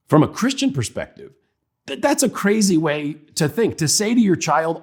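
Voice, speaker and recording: Man giving a lively parenting talk. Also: on the high side, normal speed, husky. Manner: conversational, humorous, acts out examples. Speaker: parenting speaker.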